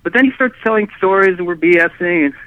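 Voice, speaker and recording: A man talks a guest's story over a thin, phone-like line, rambling and circling back with restarts and "you know"s. His voice sits a little higher than most men's. The sound is dry and close, with no room around it. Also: fast, no room sound. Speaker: guest telling his experience. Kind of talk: casual storytelling in conversation.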